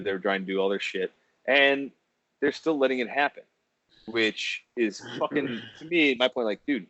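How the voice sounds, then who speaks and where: Male podcast co-host, 30s, casual and foul-mouthed, animated storyteller; dry lo-fi audio. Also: medium pitch, dry recording. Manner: swearing, animated, acts out voices in his stories. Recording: dry, dull lo-fi sound.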